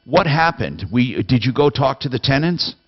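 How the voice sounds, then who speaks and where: A man's voice: mid-range voice, sing-song, moderate pace, muffled recording. A man hosting a call-in radio show, giving blunt, stern advice to a caller. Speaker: radio consumer advice host.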